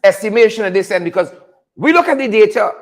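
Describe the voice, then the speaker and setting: A man's voice: high voice, animated, fast talker. A Guyanese man hosting a commentary show, preaching and exclaiming with heavy repetition for emphasis. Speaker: show host. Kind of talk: impassioned commentary.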